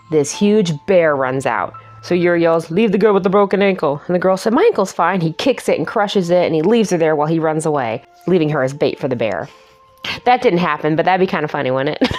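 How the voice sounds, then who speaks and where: A woman giving a casual, chatty movie review, self-mocking and laughing at her own jokes. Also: on the low side.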